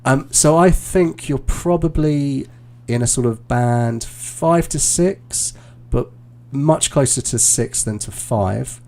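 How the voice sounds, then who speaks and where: Gravelly-voiced man giving teaching feedback. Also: mid-range voice, slow pace. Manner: relaxed, encouraging, with many fillers and restarts. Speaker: IELTS teacher and examiner. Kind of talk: live-streamed feedback after a mock speaking test.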